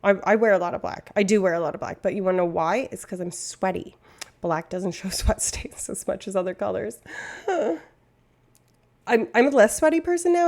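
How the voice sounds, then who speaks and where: A woman's voice: medium pitch, vocal fry, darkish tone. A woman from Canada, a streamer chatting casually and rambling, laughing often at herself. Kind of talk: casual chat.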